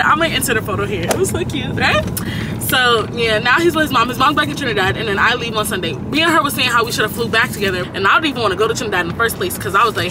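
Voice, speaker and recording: A young woman in her late teens, vlogging while she drives, rambling and cursing through an animated story time. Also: medium pitch, quick pace. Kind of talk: casual story-time chat while driving. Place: inside a car on the road. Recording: car with loud road noise.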